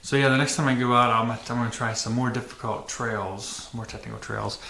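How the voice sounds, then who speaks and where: A man's voice: medium pitch, fairly even intonation, brisk, creaky, sharp tone. A man hosting a dirt bike vlog, talking casually to camera with many fillers and restarts in a matter-of-fact way. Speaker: channel host. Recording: echoey room with faint noise.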